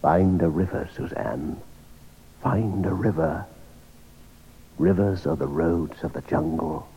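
An actor playing a kind, clever father who gives steady, calm instructions, heard as a voice in his daughter's head. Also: low-pitched, takes it slowly, lo-fi sound, slight background noise. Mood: calm, urging.

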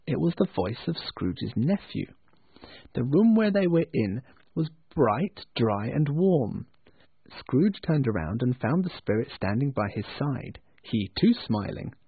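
A man narrating a storybook in a slow, expressive way. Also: medium pitch, slightly rough, no room sound. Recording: tinny phone-like sound.

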